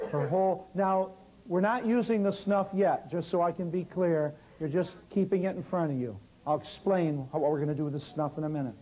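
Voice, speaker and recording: Man, fairly high mellow voice, workshop teacher who tells stories and talks straight to the room. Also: low-quality recording. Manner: lively, talks straight to the audience. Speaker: natural healing teacher. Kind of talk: live workshop storytelling.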